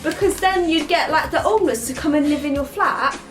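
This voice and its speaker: A woman's voice: high-pitched, fairly quick, music in the background, close to an everyday voice. A woman playing a cocky, rambling young woman who says "mate" constantly in a comedy monologue. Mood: brash. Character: cocky young woman, slangy, chatty, full of herself.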